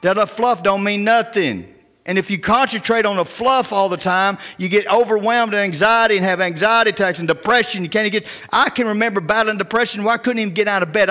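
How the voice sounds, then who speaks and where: A male pastor preaches in a folksy, down-home manner, slipping into quiet, hushed tones as he tells his stories. His voice sits on the high side for a man. The long reverb of a church sanctuary trails after his words. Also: fairly quick. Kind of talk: sermon.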